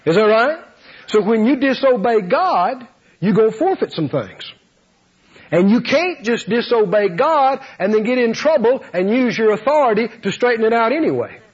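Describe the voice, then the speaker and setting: Man preaching, husky, lively pitch, acts out voices. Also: normal speed. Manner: animated, laughing, acts out voices. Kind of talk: sermon. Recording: dull lo-fi sound.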